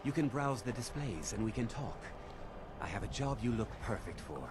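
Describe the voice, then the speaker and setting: A man's voice: medium pitch, lively intonation, normal speed, background noise, lightly acted. An actor playing a zealous male museum curator who lectures earnestly about cult relics. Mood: welcoming. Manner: earnest, lecturing tour-guide delivery. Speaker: game character. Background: game music.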